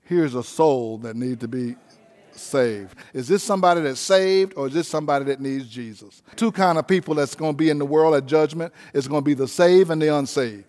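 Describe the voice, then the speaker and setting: A man's voice: on the high side, a little fast, a little mellow, in a large hall. A man preaching a sermon as pastor, folksy and emphatic, stretching out key phrases.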